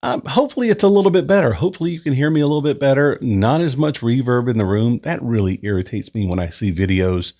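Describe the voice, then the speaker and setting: A man's voice: fast talker, few pauses. A man hosting a casual beer review, chatting at home into a new microphone. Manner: chatty, relaxed, lively pitch. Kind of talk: casual review with read-out history segment. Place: indoors at home, summer. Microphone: new desk microphone.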